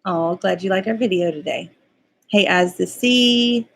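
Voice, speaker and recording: A woman with a twang chats casually on a home livestream. She laughs easily and reads out viewer names in a friendly run. Her voice sits at an ordinary middle pitch. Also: a little slow, creaky, fairly bright tone, slight background noise. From Kentucky. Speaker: co-host of a homestead livestream. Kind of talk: casual live chat.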